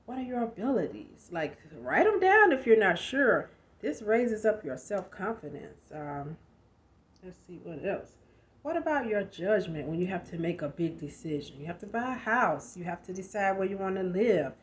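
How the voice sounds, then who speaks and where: A woman's voice: medium pitch, very animated, normal speed, slight background noise. A woman in her thirties giving a conversational motivational talk, emphatic and full of rhetorical questions. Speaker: motivational speaker.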